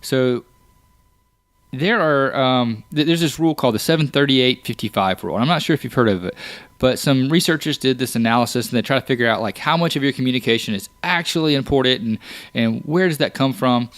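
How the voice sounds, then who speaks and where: A man's voice: mid-range voice, fairly quick, a bit bright, no room sound. A man hosting a podcast, talking casually and explaining ideas with everyday examples, often restarting his words. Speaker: podcast host. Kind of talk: casual solo podcast talk.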